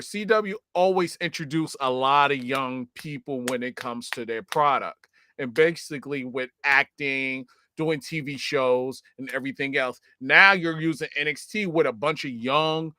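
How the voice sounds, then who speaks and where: Woman cohost on a chat stream, kinda low but bright and sharp, dry sound. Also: no echo. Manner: emphatic, repeats "not only that". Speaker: co-host. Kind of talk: casual podcast chat.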